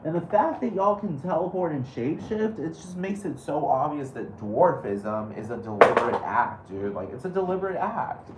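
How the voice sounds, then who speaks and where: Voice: medium pitch, very animated, moderate pace, few pauses. A speaker ranting in a casual monologue, swearing constantly and rambling with many "like"s and "dude"s. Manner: heavy swearing, rambling and exasperated; repeats phrases, many fillers like "like" and "dude". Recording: echoey room with faint background noise.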